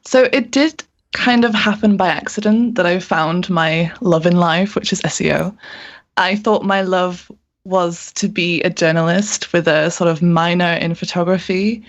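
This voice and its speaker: A young woman guesting on a podcast, talking warmly and enthusiastically about her career. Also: lowish voice, steady tone, measured pace, muffled recording. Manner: warm, enthusiastic, a few ums. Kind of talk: interview conversation.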